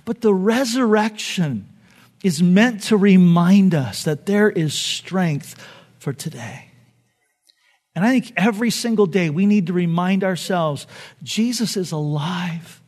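A male pastor preaching a sermon with passion, firing rhetorical questions and dropping soft and low on key phrases. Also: takes it slowly.

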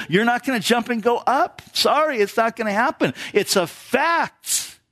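A man's voice: very high voice, expressive, normal speed, fairly bright tone, husky. A male pastor preaching a sermon in church, talking with the congregation through rhetorical questions.

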